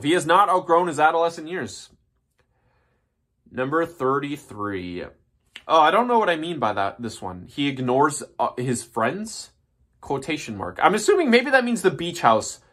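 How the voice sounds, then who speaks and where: A man's voice: fairly high pitch, big pitch swings, moderate pace, fairly bright tone. A man reading a list in a mocking, profane rant, with rambling asides and restarts. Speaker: commentary YouTuber. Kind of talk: ranting commentary.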